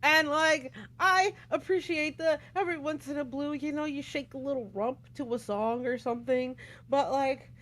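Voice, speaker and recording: A woman's voice: sits high, moderate pace, a bit bright. Easygoing woman co-hosting a livestream. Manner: easygoing and chatty, laughing often. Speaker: livestream co-host. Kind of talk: casual livestream chat.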